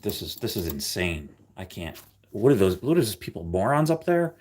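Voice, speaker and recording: A man's voice: on the low side, moderate pace. Guy on a livestream, joking around, voice bouncing all over the place. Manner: joking, teasing, animated, often slips into loud playful bursts. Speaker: livestream host. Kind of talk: casual live stream chat.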